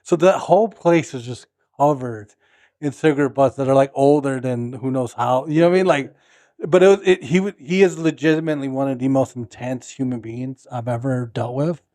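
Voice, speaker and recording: A man's voice: mid-range voice, brisk, mellow, no echo, studio quality. Rambling band guy in casual chat. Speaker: band member.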